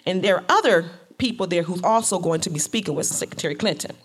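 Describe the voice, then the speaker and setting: A woman from Detroit, a home care worker and organizer, telling a personal story in a lively, colloquial way, acting out her own reactions. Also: on the low side, fast, breathy edge. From Detroit, USA.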